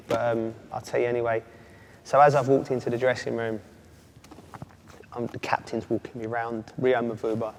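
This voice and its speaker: A man, a former footballer telling animated stories as an interview guest. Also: mid-range voice. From England. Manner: animated storyteller, does voices and laughs. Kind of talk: casual chat. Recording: long reverb, faint ambient noise.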